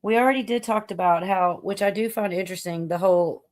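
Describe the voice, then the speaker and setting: A woman's voice: mid-range voice, quick pace, a little mellow. Rambling woman livestream host. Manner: rambling, laughs often, many fillers. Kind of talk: casual chat.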